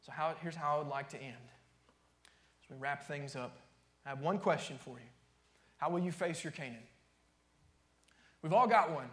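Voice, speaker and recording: A man's voice: fairly high pitch, normal speed, pauses often, fairly bright tone, echoey room. A man preaching a sermon as pastor, emphatic and repetitive, sometimes dropping to a near-whisper.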